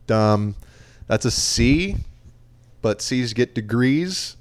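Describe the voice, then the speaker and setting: A podcast co-host in his late twenties chats casually, reading out album stats and review quotes. His medium-pitched voice is animated but very slow.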